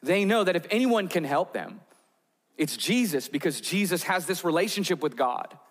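A man preaches a sermon in a large hall, and his voice rings out with a long reverb. His voice sits a little high. He builds tension by walking listeners through vivid, imagined scenes. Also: very animated, moderate pace. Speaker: pastor.

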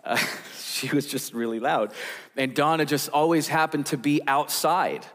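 A man's voice: fairly high pitch, a little slow, a bit bright. A man, a pastor, preaching a sermon in a conversational storytelling way with frequent fillers. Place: church sanctuary. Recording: long church hall reverb.

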